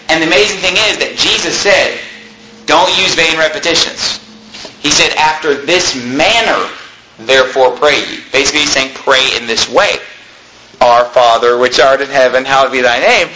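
A man preaching a sermon with emphasis, his voice rising toward near-shouting and then dropping low. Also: normal speed, slight background noise, poor audio.

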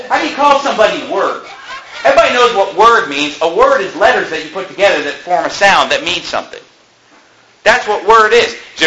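A man preaching a sermon as pastor, emphatic, with repeated phrases and sudden loud peaks. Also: sits high, sing-song, fast, background noise.

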